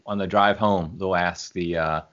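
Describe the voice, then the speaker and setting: A man's voice: low voice, steady tone, moderate pace, a bit bright. A middle-aged man chatting as an interview guest, rambling and correcting himself as he goes. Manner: rambling, self-correcting, chuckles often. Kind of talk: casual interview chat. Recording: muffled lo-fi video call audio.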